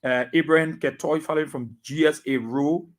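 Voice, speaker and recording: A man with a Liberian accent, a radio talk show host reading out listener names and greetings in a brisk roll call. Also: fairly high pitch, fairly even intonation.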